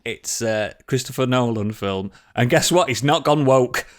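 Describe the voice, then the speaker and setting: A man's voice: medium pitch, normal speed. A man co-hosting a casual podcast chat, laughing often, swearing and trailing off mid-sentence. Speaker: podcast co-host.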